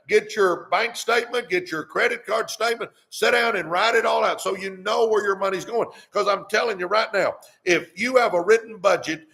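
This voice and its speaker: A man's voice: high voice, creaky, fairly bright tone. Fired-up man preaching money advice. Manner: fired-up preaching, repeats "come on". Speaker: host. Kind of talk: live-stream money advice.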